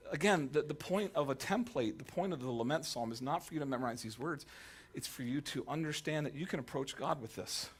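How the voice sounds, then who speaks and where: A man's voice: a little high, a little fast, a little hiss or hum. A male pastor preaching a sermon to a congregation, telling jokey stories and acting out the quotes. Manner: animated, jokey storytelling with voiced quotes. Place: church sanctuary.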